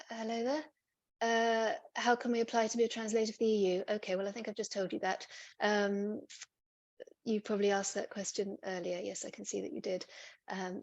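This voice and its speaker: A woman's voice: mid-range voice, dry recording. A woman presenting on a video call, reading out audience questions and answering them patiently. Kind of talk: online webinar Q&A.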